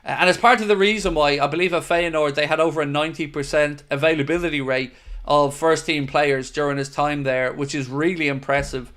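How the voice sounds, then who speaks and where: His voice is a little high and a bit bright, with fairly even intonation and a brisk pace. He runs a football fan livestream, chatting casually, reading viewer comments and giving earnest, opinionated answers aimed straight at viewers, whom he calls "mate".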